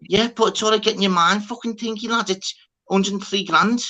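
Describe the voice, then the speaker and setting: Bloke swearing away telling a story, bright sharp voice. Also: male voice, high-pitched, a little fast. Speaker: host. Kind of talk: casual chat.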